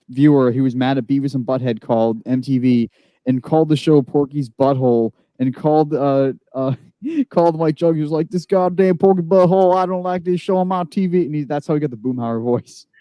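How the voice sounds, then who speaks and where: A man's voice: mid-range voice, normal speed, warm tone, no room sound. A man chatting casually on a stream, blunt and dry, telling stories. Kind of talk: casual chat.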